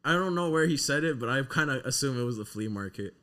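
A young man co-hosting a casual podcast, telling stories in an animated way, swearing and breaking into loud laughter. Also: medium pitch, quick pace. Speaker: podcast co-host.

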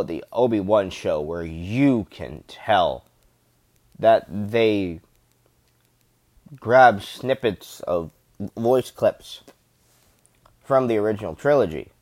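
A man's voice: on the low side, expressive, slow, long pauses, dry recording. A man rambling in casual, enthusiastic fan commentary, gushing and swearing freely.

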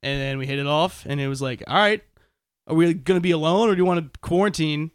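A man's voice: fairly high pitch, fast, clean tone, dry recording, clean studio sound. A male stand-up comedian rambling through a personal story on a podcast, swearing and poking fun at himself. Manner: rambling, profane, self-mocking.

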